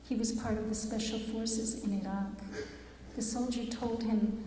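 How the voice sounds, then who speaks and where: A woman speaks earnestly and slowly at a public talk, her voice soft and mellow. She is recorded from a distance, and her words ring out with long reverb through a large chapel. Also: a little high, flat delivery, a little hiss or hum. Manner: earnest, measured, with pauses and restarts. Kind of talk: reflective public talk reading quotes. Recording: echoey chapel from far off.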